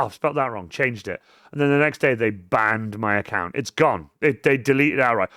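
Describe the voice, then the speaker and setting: A man hosting a cosplay live stream, rambling and swearing freely, swinging between mumbles and loud outbursts. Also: mid-range voice, dry recording, studio quality. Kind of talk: casual live-stream chat.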